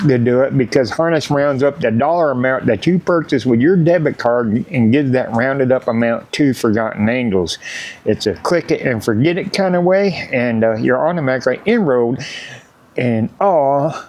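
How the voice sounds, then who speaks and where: A man's voice: mid-range voice, darkish tone, no echo. A middle-aged man, talking casually to camera in a vlog with joking, folksy plugs, feeling a little unwell. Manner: joking, folksy, hypes merch and sponsors. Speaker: motorcycle YouTuber. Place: at home in front of set-up cameras.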